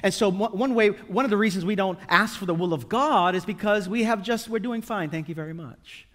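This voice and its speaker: A man preaching a sermon with a notably high voice. He talks to the congregation conversationally, asking rhetorical questions and adding light humor. His voice rings with the long echo of a large hall. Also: brisk, a bit bright. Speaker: pastor.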